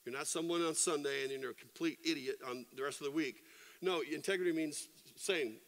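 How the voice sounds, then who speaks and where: A man's voice: on the high side, a little fast, fairly bright tone. A middle-aged man preaching a sermon as pastor, telling stories animatedly and acting out sound effects and quoted voices. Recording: long hall reverb.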